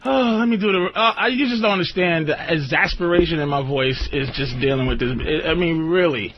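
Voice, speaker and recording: A man hosting a call-in radio show, ranting comically and profanely, jumping into high squeaky outbursts and laughing often. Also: a little fast, background noise. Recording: dull lo-fi radio broadcast.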